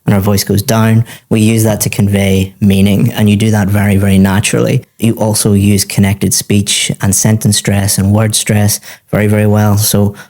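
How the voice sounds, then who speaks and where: A man's voice: lowish voice, monotone, moderate pace, a little mellow. A man teaching, giving a student methodical, encouraging feedback on a speaking exam.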